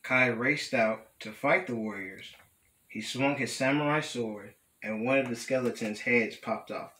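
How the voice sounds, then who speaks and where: A young male student reading a children's picture book aloud at a steady, careful pace. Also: mid-range voice, a little slow, reverberant, rough recording. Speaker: student storyteller.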